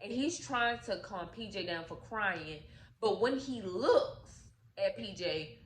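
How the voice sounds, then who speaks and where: Animated woman retelling a movie, roomy. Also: mid-range voice, slow. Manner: animated, profane, acts out quotes. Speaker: storytime vlogger. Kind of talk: casual movie recap storytelling. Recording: echoey room with faint noise.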